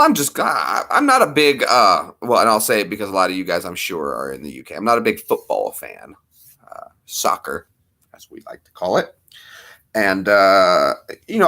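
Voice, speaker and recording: Casual vlogger, middle-aged American man, lively pitch, rambling and jokey. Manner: jokey, slips into silly mock accents.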